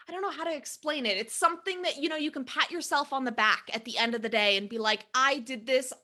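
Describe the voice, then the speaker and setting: A young woman co-hosts a casual podcast, her voice bright and a little high. She explains her ideas earnestly and upbeat, leaning on everyday examples. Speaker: podcast co-host.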